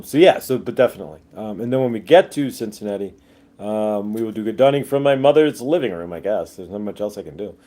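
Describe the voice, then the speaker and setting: A man's voice: fairly low pitch, mellow. A man hosting a casual livestream, rambling with many fillers and jokey asides, reading viewer comments aloud. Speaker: livestream host.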